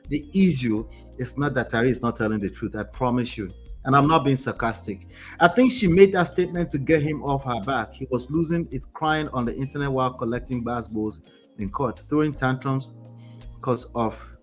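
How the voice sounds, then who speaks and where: A man hosting a live reaction stream as a marriage coach, chatty and sarcastic, greeting viewers as he comments. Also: medium pitch.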